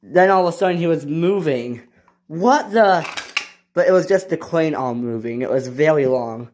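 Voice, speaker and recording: A man casually narrating a homemade toy train story in a plain, halting way, with frequent restarts. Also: on the high side, a little mellow, slight background noise. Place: indoors at a toy train layout.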